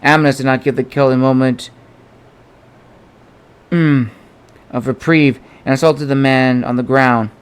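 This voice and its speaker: A man's voice: medium pitch, steady tone, unhurried, pauses often, clean tone. A man narrating an audiobook, reading steadily and giving the characters small shifts of voice. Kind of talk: audiobook narration of his own novel.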